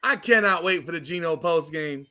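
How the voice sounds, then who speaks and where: A man's voice: a little high, normal speed, sharp tone. A man from South Florida hosting a live watch-party podcast, ranting profanely and heatedly over the game. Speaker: podcast host.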